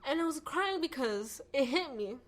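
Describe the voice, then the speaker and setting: A woman telling her personal faith testimony as a podcast guest, animated, acting out quoted voices, with lots of "like" and "you know.". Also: sits high, normal speed. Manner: frequent "like" and "you know" fillers.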